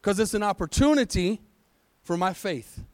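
A man's voice: high voice, expressive, normal speed, no echo. A male pastor preaching a sermon in a church, asking his congregation rhetorical questions and calling for responses. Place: church sanctuary.

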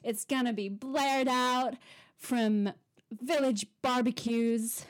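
A woman's voice: fairly high pitch, fairly even intonation, slow. A woman in an improvised mock interview, talking in a breezy, mock-serious way. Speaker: comedy performer.

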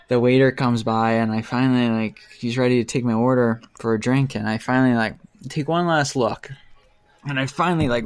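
A man's voice: medium pitch, no room sound. Guy telling a story to a friend, laughs a lot, dry close sound. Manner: animated storytelling, acts out quotes, laughs often. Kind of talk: casual chat.

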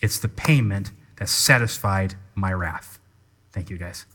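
A man preaching a sermon as pastor, teaching in an animated way and calling people up to act out an example. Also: low-pitched, measured pace, slightly rough. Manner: animated teaching with live demonstration.

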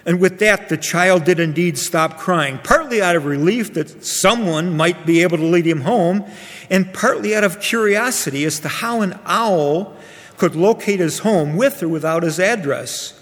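A man telling a bedtime story gently and without hurry, turning now and then to the children listening. His voice sits high for a man, and a long hall reverb trails after each phrase. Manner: gentle, unhurried, speaks directly to children.

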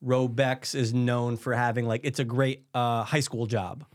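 A man's voice: mid-range voice, a little slow. A man in casual podcast chat, animatedly telling a rideshare story and acting out the people in it. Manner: animated storyteller, acts out quoted voices, swears casually.

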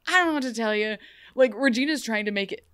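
Young woman, podcast co-host, smooth, close and dry, animated, jokey. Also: a little high, fast talker, no room sound. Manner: animated, jokey, acts out characters in funny voices. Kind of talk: casual chat recapping a TV episode.

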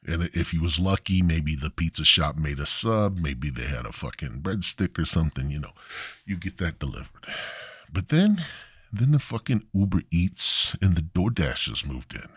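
A man's voice: deep voice, expressive, normal speed, fairly bright tone, slightly rough, dry recording, studio quality. A man hosting a comedy podcast, delivering a profane, rambling, mock-indignant rant. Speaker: podcast host.

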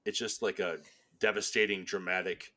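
Low-voiced man musing at length. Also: little pitch movement, normal speed, sharp tone. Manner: rambling, restarts, musing. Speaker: podcast co-host. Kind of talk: casual fan discussion.

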